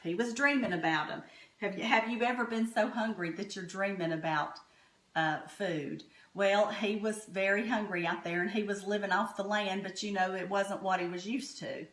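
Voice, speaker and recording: A woman's voice: medium pitch, normal speed. Middle-aged Southern woman, home cook host, folksy storytelling, roomy kitchen sound. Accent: Southern American. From Southern United States. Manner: homey, chatty, warm-hearted storytelling. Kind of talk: folksy cooking chat. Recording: echoey kitchen room.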